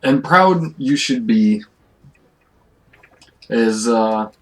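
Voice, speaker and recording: A man narrating as game master for an online tabletop game, stopping and restarting often before he settles into unhurried description. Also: mid-range voice, animated, poor audio.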